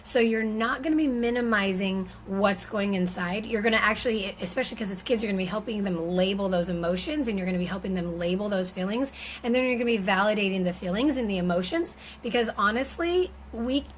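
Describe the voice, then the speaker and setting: A woman's voice: mid-range voice, fairly quick, slight background noise, poor audio. A woman giving an informal teaching talk on parenting, speaking conversationally with frequent fillers and restarts.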